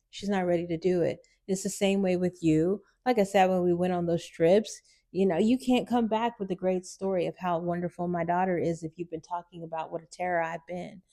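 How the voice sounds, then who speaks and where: A woman's voice: lowish voice, mellow. A woman speaking straight to her mother in an emotional monologue, hurt and pleading, close to tears. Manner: hurt, pleading, repetitive apologies. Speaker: vlogger addressing her mother. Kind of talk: emotional direct-to-camera monologue.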